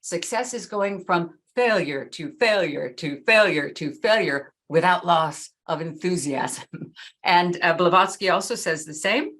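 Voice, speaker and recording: A middle-aged woman gives a talk with a slightly low voice. She speaks earnestly and with emphasis. She slows down to lean on the phrases she wants to land. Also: fairly bright tone. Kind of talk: talk with slides.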